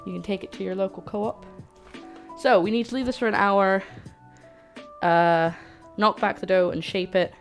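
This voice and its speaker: Faint music runs under this casual cooking livestream, where the host playfully talks with viewers while working. She speaks in a mid-range voice with a steady tone at a normal speed.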